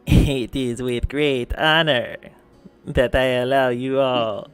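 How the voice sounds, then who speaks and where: A pompous middle-aged king with a slow, booming delivery, speaking with grand formality to a huge crowd, as a game master puts him on. His pitch sits in the middle range, and faint music plays behind him. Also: fairly even intonation, clean tone, close to an everyday voice.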